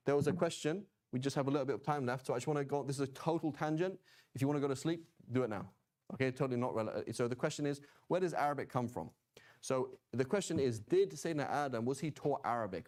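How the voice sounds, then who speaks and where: In a mid-range, slightly mellow voice, a man teaches Quranic Arabic in a relaxed, chatty lecture. Joking asides come up along the way, and he frequently checks in with students using "okay?" and "right?"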